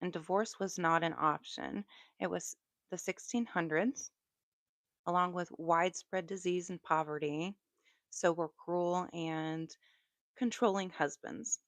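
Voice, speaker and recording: A woman with a Southern American accent telling true crime stories on a live stream in a relaxed, chatty way, with asides. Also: fairly low pitch, unhurried, no room sound, clean studio sound. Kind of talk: live storytelling.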